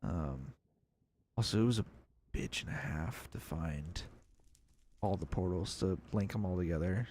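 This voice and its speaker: Low-voiced man rambling through gameplay. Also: a little slow, pauses often, slight background noise. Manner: rambling, relaxed, thinking aloud with fillers. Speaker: gameplay video creator. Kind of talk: casual game commentary.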